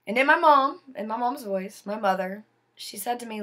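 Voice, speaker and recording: A woman's voice: on the high side, fairly quick, sharp tone. A young woman telling a personal story to her viewers in an earnest, emphatic way. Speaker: vlogger.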